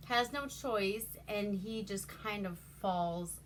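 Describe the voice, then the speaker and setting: Slow-talking woman rambling through a movie recap. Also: medium pitch, slight background noise. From Alaska. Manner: rambling, profane, deadpan. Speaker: host.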